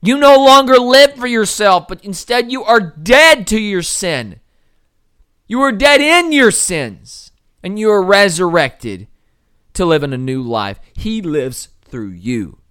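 A young male preacher in full sermon mode, his pitch roaming widely from emphatic high peaks down to low, hushed lines. He draws key words out slowly to land them. The recording is close and dry, with no room sound. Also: very animated, clean tone, no echo. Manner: swings from loud emphatic peaks to low quiet passages.

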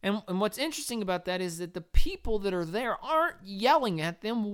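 A woman preaching an earnest, encouraging sermon, rising to loud cheering and dropping to soft, quiet appeals. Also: mid-range voice, animated, fairly quick, few pauses.

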